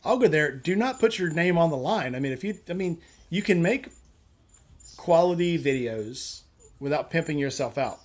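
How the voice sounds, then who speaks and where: A man's voice: fairly high pitch, lively intonation, normal speed. A man on a live chat show, talking casually and bluntly, with firm opinions and a habit of telling jokes.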